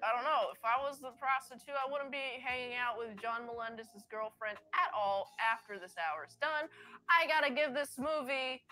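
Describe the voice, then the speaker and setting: A woman's voice: on the high side, normal speed, sharp tone. A young woman giving a blunt, snarky, rambling movie review in a played video clip.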